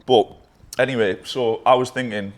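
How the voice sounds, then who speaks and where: A man's voice: medium pitch, fairly even intonation, moderate pace. A man, a brand co-founder, chatting casually and rambling, with plenty of swearing. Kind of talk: casual chat.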